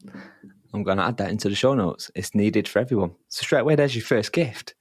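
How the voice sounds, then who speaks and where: A man hosting a podcast, talking in a relaxed, casual way and often repeating his phrases. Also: fairly low pitch, brisk, husky, dry recording, clean studio sound. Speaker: podcast host.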